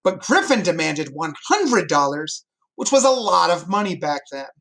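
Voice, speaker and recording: Man teaching a lively history class. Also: a little high, moderate pace, creaky. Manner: lively, joking, explains with a map.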